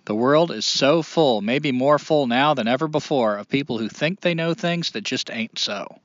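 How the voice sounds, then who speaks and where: A man's voice: mid-range voice, moderate pace, dry recording, highs cut off. A man hosting a casual podcast, talking in an earnest, rambling way with many fillers. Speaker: podcast host.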